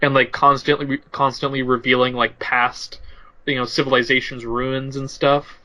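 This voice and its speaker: A man's voice: medium pitch, level tone, pushed and bright. A man co-hosting a podcast, chatting and joking casually about films. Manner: chatty, joking, quick to laugh. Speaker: podcast co-host. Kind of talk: casual film review chat. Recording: dull lo-fi podcast audio.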